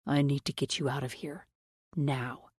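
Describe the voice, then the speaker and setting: A woman voicing a low, clipped, commanding mafia man. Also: fairly even intonation, normal speed, a little mellow, dry recording, clean studio sound. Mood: urgent commanding. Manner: low, clipped, urgent orders.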